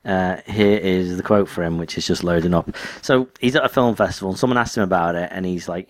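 A man with a lowish voice co-hosts a casual podcast, bantering in a dry, wry way. The recording is dry and close, with no room echo. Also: fairly even intonation, a little fast. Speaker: podcast co-host. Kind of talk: casual chat.

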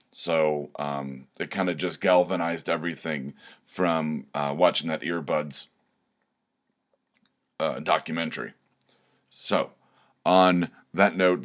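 Young male podcast host, very deep voice, casual rambling monologue full of fillers. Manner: rambling, self-deprecating, many fillers and restarts.

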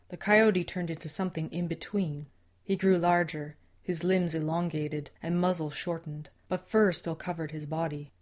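A woman with a deep, low voice reads a fantasy audiobook. Her narration is measured and even, with a steady storytelling pace. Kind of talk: scripted narration.

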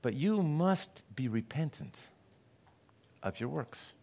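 Slow and warm, a middle-aged man's mid-range voice carries an expressive sermon he gives as a guest pastor. He narrates stories and takes on the voices of the people he quotes.

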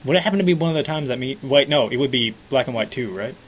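Young man, podcast co-host, casual rambling chat, laughing, jaded, hiccups, mid-pitched voice. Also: expressive, quick pace, a little hiss or hum, low-quality recording.

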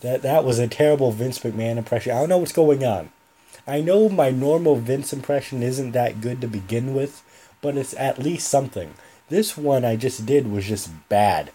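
A man's voice: mid-range voice, lively intonation, moderate pace, dark tone, breathy edge. A young man hosting a solo podcast, talking casually and rambling, often correcting himself mid-sentence. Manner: rambling, self-correcting, chatty. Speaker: podcast host.

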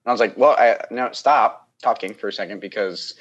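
A man's voice: lowish voice, brisk, lo-fi sound. A young man in casual chat, telling a long story in a rambling way, acting out the people he quotes and laughing often.

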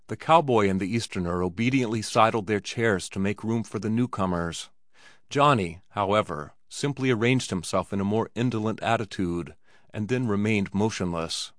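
Audiobook narrator, male, low register, steady storytelling delivery, dry close sound. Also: normal speed, dry recording. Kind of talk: scripted narration.

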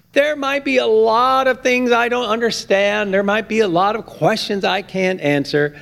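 A man preaching a sermon, with emphatic stress that climbs high on key points. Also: creaky. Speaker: pastor.

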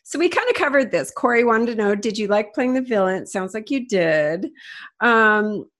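A woman's voice: a little high, expressive, moderate pace, fairly bright tone. A woman co-hosting a podcast, casually reading out listener questions. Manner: friendly, asks listener questions. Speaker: podcast co-host. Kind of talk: casual interview chat.

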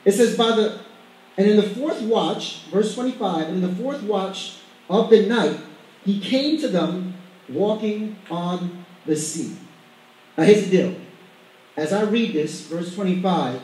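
A man with a high-pitched voice preaches a sermon to a congregation. He is emphatic and stumbles into restarts, often asking them to repeat lines after him. He is recorded from a distance in a hall with very strong echo. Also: animated, measured pace, long pauses, a little mellow. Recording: very echoey hall, mic far off.

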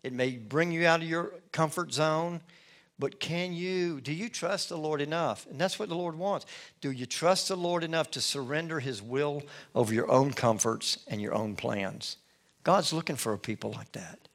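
A middle-aged male pastor preaching a sermon in an expressive storytelling manner. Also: fairly high pitch, moderate pace. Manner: expressive, storytelling, acts out scenes. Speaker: lead pastor.

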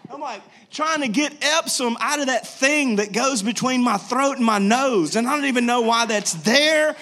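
A young man preaching a sermon in a jokey, lively storytelling way. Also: extremely high pitch, a little slow, hardly any pauses. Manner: jokey, animated, laughs often. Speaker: pastor.

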